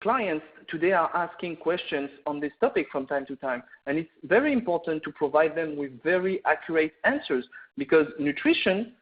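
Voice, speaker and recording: Brief: French-accented male vet lecturer, middle-aged, earnest with frequent fillers; slightly high voice, thin phone-like webinar audio. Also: lively intonation, moderate pace. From France. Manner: earnest, many "uh" fillers and restarts. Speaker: veterinarian presenting a webinar. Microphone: video call or webinar mic.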